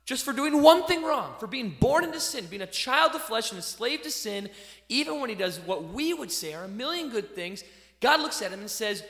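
A man delivers a sermon in a bright, high voice. He is animated, pushing some phrases out loudly and dropping others low and quiet. The sound rings around a large echoey hall. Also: moderate pace. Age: adult parent. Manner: animated, swings between loud emphasis and quiet asides. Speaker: pastor.

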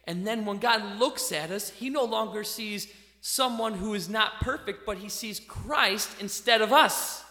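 A man preaching a sermon, a father, animated, swinging from loud emphasis to quiet asides. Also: sits high, measured pace. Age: adult parent. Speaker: pastor. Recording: echoey hall.

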